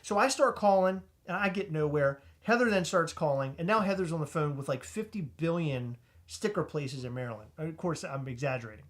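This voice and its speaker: A man co-hosting a podcast, telling a comedic story in an animated, excitable way, stumbling over restarts and shouting out retold lines. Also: a little high, brisk, hardly any pauses. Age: adult with a child. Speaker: podcast co-host.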